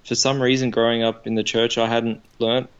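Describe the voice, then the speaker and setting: A man's voice: mid-range voice, little pitch movement, brisk, clear, resonant tone, highs cut off. A man, a songwriter, speaking as an interview guest in an earnest, enthusiastic way. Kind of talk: conversational interview.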